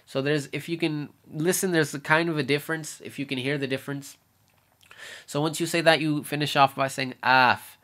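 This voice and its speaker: A young man giving a casual lesson on letter sounds, repeating each sound slowly to demonstrate it. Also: medium pitch, fairly bright tone. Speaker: Arabic letters teacher.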